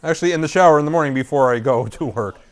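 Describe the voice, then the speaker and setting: A young man co-hosting a casual chat, dry and low-key. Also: racing. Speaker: co-host. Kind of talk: casual banter.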